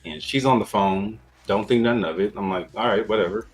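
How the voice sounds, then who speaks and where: A man's voice: lowish voice, brisk, faint music behind, low-quality recording. A man hosting a podcast, telling a rambling story in a laid-back, profane, casual way. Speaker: podcast host.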